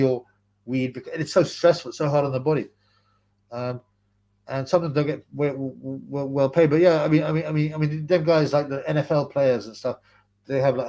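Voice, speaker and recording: A man's voice: medium pitch, darkish tone. A man chatting on his livestream, rambling and repeating words, answering viewers' comments with frequent laughs. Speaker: livestream host. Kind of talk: casual livestream chat reading comments.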